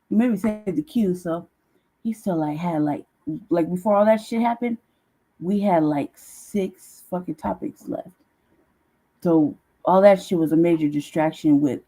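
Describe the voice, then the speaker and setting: A woman's voice: low voice, dark tone, poor audio. A woman hosting a casual livestream, talking bluntly with heavy swearing and bursts of laughter. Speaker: show host.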